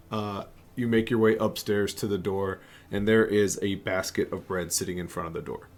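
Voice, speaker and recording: Low-voiced man running a tabletop game. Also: fairly even intonation, moderate pace. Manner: casual, many "uh" fillers. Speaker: game master.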